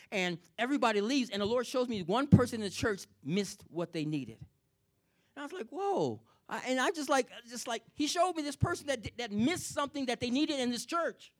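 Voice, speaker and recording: A man preaching a sermon, telling his own story and asking the congregation "Amen?" as he repeats key lines. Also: a little high. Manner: repetitive, asks the congregation "Amen?"; personal testimony, intense.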